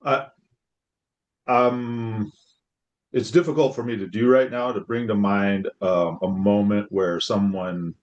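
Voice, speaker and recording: A man's voice: lowish voice, steady tone, takes it slowly. Hesitant, reflective man on a muffled line. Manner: reflective and hesitant, many fillers. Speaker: host. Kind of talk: casual conversation.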